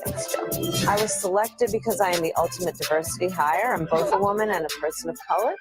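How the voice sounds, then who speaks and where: A woman's voice: fairly low pitch, fairly quick, natural voice, low-quality recording. A woman voicing a self-satisfied female politician who confesses her failings in a parody ad, rambling over music. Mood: smug. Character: smug female politician mocking herself in a parody ad.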